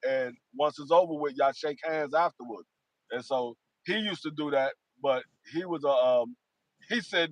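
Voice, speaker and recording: Man, high-pitched, dry close sound, animated storytelling, casual podcast chat. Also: moderate pace, dry recording, muffled recording. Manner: animated storyteller, voices quotes loudly, laughs. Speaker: podcast co-host.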